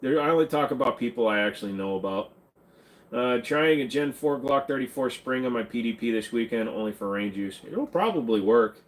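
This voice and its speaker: Minnesota guy reading chat on his stream, jokey and offhand, mid pitched. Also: expressive, brisk, rough recording. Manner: joking, offhand, drifts into silly accents. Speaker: livestream host answering chat. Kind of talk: casual livestream chat.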